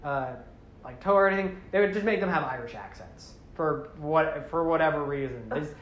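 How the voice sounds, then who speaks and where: A man's voice: on the high side, normal speed. A man hosting a casual talk, rambling through a story retelling with jokes and casual swearing. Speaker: host. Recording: echoey room with faint hiss.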